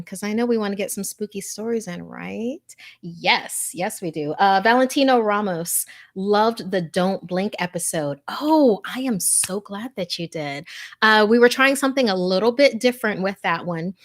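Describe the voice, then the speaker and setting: A woman's voice: medium pitch, moderate pace. Bubbly woman chatting on a live stream. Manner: bubbly, gushing, chatty with frequent fillers. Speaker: host. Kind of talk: casual live-stream chat.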